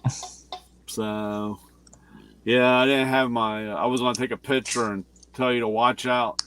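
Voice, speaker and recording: A man's voice: medium pitch, steady tone, a little slow, fairly bright tone, a little hiss or hum. A man co-hosting a casual chat, rambling and hesitant, with many fillers. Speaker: co-host.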